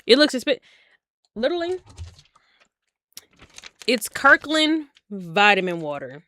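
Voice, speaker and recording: Young woman streamer in her twenties, casual slangy storytelling, lively jumps in pitch, bright voice, dry close sound. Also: takes it slowly, no room sound. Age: 20s.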